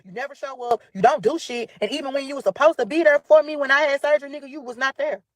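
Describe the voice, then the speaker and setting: A woman's voice: high-pitched, fast talker, dry recording. A woman with a Memphis accent telling a story about her ex in a heated, profane monologue, talking straight to her listeners. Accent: Southern US (Memphis). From Memphis, USA. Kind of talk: angry venting monologue.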